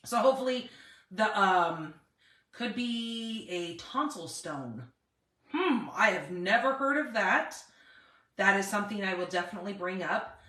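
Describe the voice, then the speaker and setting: A woman's voice: mid-range voice, expressive, measured pace, pushed and bright, roomy sound, distant mic, low-quality recording. A middle-aged woman chatting casually on a live stream, greeting viewers by name, with a dry cough and a cough drop in her mouth. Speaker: paper crafting host.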